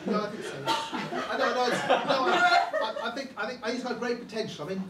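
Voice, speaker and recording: A performer plays a fussy front-of-house attendant who chatters and trips over false starts, the voice swinging up and down with lively pitch. Heard from across an echoey hall with audience noise, as in a live amateur cabaret. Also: fairly quick, recorded from a distance, lightly acted. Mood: chatty. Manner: stammering, gossipy, with many false starts. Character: fussy, chatty theatre box-office attendant greeting arrivals. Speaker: comedy sketch performer. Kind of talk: live stage sketch. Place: village hall stage.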